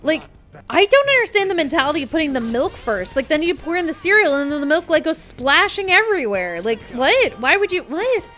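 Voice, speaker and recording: A woman livestreams a game and chats casually, rambling with sarcastic, profane asides. Her voice sits high. Faint game music plays behind her. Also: very animated, a little fast, fairly bright tone. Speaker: game streamer. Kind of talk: casual gameplay commentary.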